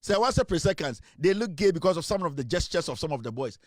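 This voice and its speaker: A man's voice: a little high, expressive, fast talker, few pauses, dry recording, studio quality. A man with a Ghanaian accent hosting an online talk show, teasing his audience with repeated rhetorical questions and mixing English with Twi. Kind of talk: casual commentary monologue.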